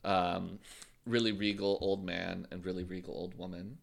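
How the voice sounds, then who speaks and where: A woman co-hosting a podcast in casual chat, animated and playful. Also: rumbling low, moderate pace, gravelly. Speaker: podcast co-host.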